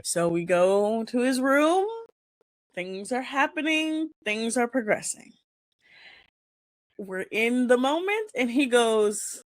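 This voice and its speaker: A woman hosting a casual chat show, telling an embarrassing story with animated, laughing delivery. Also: fairly high pitch, measured pace, no room sound. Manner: animated, laughing, shrieking at punchlines. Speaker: host.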